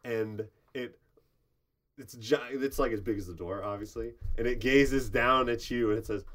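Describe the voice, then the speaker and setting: A man's voice: medium pitch, normal speed, a bit bright. A man narrating as game master of a tabletop game, describing scenes in rambling, filler-heavy speech.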